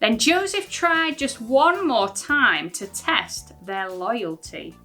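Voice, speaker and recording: Bright, lively English woman presenter. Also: a little high, takes it slowly, faint music behind. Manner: lively, sing-song storytelling. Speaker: children's ministry presenter. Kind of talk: reading a rhyming bible story to kids.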